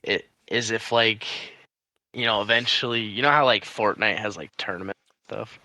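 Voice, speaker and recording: A man's voice: lowish voice, normal speed, bright, forceful tone, no echo, poor audio. A man from Iowa co-hosting a casual podcast, rambling with many likes and you knows. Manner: rambling, heavy on like and you know. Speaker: podcast co-host.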